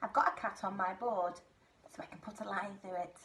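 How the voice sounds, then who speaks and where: A woman teaching a phonics lesson to small children, talking in a slow, exaggerated, sing-song way. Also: medium pitch, fairly even intonation, a bit bright. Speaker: nursery teacher.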